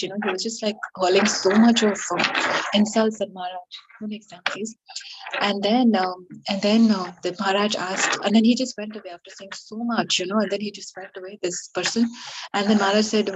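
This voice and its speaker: A woman's voice: medium pitch, steady tone, fairly quick. A woman participant telling a story in a rambling, hesitant way full of fillers. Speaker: session participant. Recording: noisy line with clicks.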